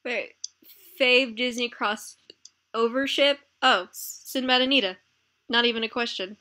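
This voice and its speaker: Bright-voiced high young woman chatting. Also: measured pace. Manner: joking, reads chat messages aloud. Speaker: voice chat participant. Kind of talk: casual chat with friends.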